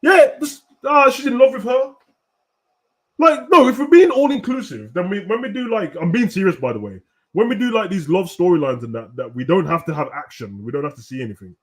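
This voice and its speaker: A young man hosting a casual, animated wrestling rant full of slang, at times breaking into shouts. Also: high-pitched, a little fast. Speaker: host. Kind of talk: casual ranting commentary.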